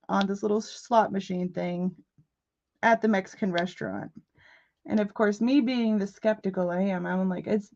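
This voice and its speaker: A woman hosting a casual craft live stream, telling stories in an animated way and chatting back to viewer messages. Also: mid-range voice. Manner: animated storytelling, quick asides to chat messages. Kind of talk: casual chat. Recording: muffled lo-fi audio.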